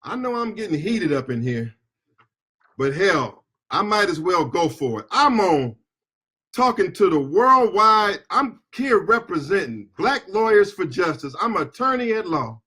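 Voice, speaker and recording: A middle-aged American man, an attorney and activist, gives an impassioned political speech in a high, very animated voice with a breathy edge, keeping an unhurried pace. At the peaks he shouts, and call-and-response chants break out.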